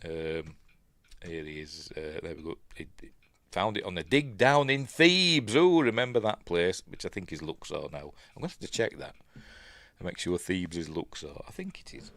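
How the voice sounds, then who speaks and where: A man's voice: low-pitched, moderate pace, fairly bright tone, dry recording. A man with a Yorkshire accent, talking through a film in a rambling, chatty way full of asides. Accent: Yorkshire English. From Yorkshire, England. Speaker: film reviewer. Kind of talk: casual film breakdown commentary.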